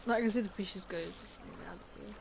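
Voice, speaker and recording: A woman's voice: medium pitch, fairly even intonation, fast, creaky. Chatty woman streamer over noisy game sound. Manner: chatty, giggly, talks to the game. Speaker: gaming streamer. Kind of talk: casual gameplay commentary. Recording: noisy game audio behind.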